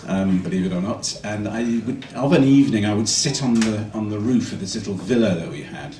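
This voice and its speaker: Deep-voiced man, soft and reflective. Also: animated, fairly quick, slight background noise. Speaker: musician introducing a song. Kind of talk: reflective stage storytelling. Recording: roomy, distant stage mic with music.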